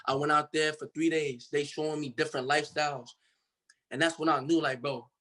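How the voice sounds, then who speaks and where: A man's voice: fairly high pitch, fairly even intonation, fairly quick, sharp tone. A young man from Cincinnati, Ohio, telling his story as a guest in a casual interview, in a loose, slangy way full of fillers. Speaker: guest artist.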